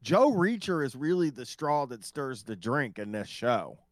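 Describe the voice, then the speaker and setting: A man's voice: medium pitch, very animated, a little slow, no room sound, clean studio sound. A man co-hosting a casual TV recap podcast, blunt and joking, with frequent swearing. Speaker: podcast co-host.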